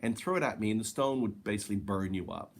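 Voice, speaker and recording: A man's voice: on the low side, expressive, fast, pitched below the performer's own voice. Man putting on a wise spiritual master, probing. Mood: solemn.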